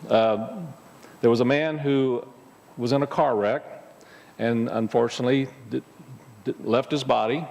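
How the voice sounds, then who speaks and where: A man's voice: mid-range voice, fairly even intonation, measured pace, creaky, long pauses, darkish tone. A man giving a conversational spiritual talk to a congregation as their minister, often restarting his sentences and using fillers. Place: church sanctuary. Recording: long hall reverb.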